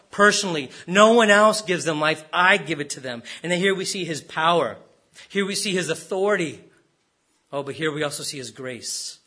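A man's voice: sits high, bright, forceful tone. A man preaching a sermon as pastor, stressing words and repeating rhetorical questions.

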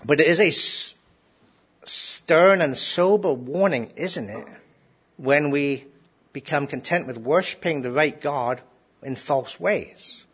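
A man's voice: on the high side, slow, a bit bright, slightly rough. A man preaching a sermon to a congregation in a conversational way, often asking rhetorical questions. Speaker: pastor.

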